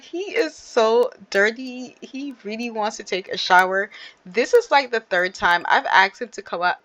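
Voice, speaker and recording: A woman's voice: medium pitch, fairly bright tone, dry recording. A woman giving casual, chatty gameplay commentary and talking straight to her viewers. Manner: chatty, addresses viewers directly. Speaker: gaming channel host.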